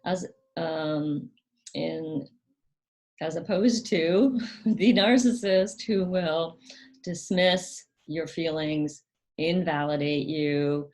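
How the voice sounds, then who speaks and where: A woman hosting her own channel, explaining things gently in a casual monologue, often hesitating with ums and restarting her sentences. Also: deep voice, steady tone, extremely slow. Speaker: channel host.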